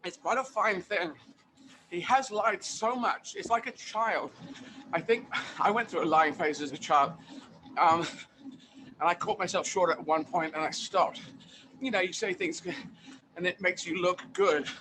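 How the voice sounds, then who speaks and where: A man being interviewed as a guest comedian, talking in an animated, emphatic way and repeating phrases for effect. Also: high voice, a little slow, background noise. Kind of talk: casual interview chat.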